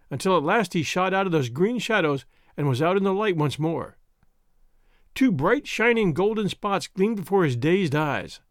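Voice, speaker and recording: A man narrating an old-fashioned story in a scripted, expressive, unhurried way. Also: high voice, dry recording, clean studio sound.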